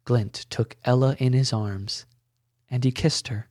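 A man hosting a podcast, narrating a story in a gentle, measured way. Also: mid-range voice, fairly even intonation, no room sound, clean studio sound. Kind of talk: scripted narration.

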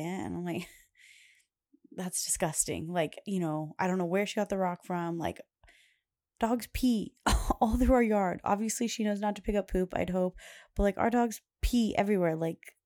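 A young woman talks casually as a podcast host, rambling through everyday stories and laughing often. Her voice sits a bit low for a woman. The sound is dry and close, with no room echo. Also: a little mellow. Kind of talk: casual chat.

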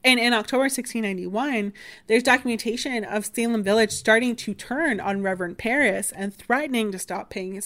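A woman's voice: fairly high pitch, fairly bright tone. Woman around 30, history podcast host, casual, filler-heavy delivery, wry asides. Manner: chatty, many fillers like "like" and "um". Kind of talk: casual explanatory history talk.

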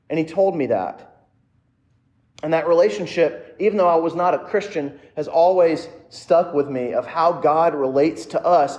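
A man's voice: fairly high pitch, a little mellow, reverberant. A man preaching a sermon in a casual, conversational way, telling a personal story and turning often to the audience. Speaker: pastor.

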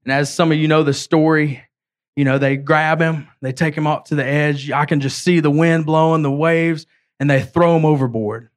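A man preaching a sermon as an evangelist, retelling a story in casual words and reading scripture aloud with halting slips. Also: a little high, steady tone. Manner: storytelling, voicing characters in a casual way.

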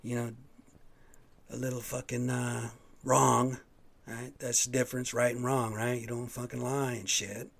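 A man's voice: mid-range voice, level tone, unhurried, creaky, a bit bright. A man hosting his own podcast, telling a rambling, profane story in a casual, worked-up way. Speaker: podcast host. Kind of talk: casual solo monologue.

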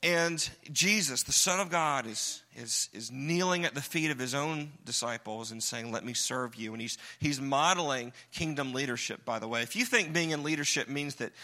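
A man preaching a sermon to a congregation, animated and joking as he acts out quoted lines. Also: mid-range voice, moderate pace, few pauses. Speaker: pastor.

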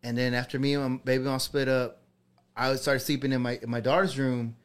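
A man's voice: mid-range voice, flat delivery, fairly quick, clean tone. Rambling young man telling a scary story. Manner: rambling, swears a lot, many fillers. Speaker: podcast co-host. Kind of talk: casual storytelling.

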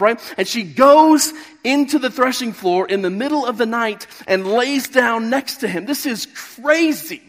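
Pastor in his thirties, high-pitched, animated storyteller, preaching in a big echoing hall. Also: moderate pace. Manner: storytelling, acts out the characters' lines. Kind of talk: sermon. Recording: long reverb of a large hall.

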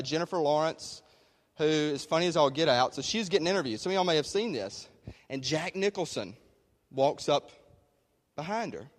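A man's voice: a little high, a bit bright. A man preaching a conversational sermon in a church, with emphatic delivery and many rhetorical questions. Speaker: pastor. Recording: long hall reverb.

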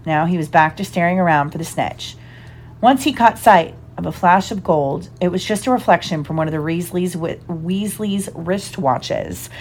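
A woman giving a lively, expressive storybook narration. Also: lowish voice, moderate pace, a little hiss or hum. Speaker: audiobook reader.

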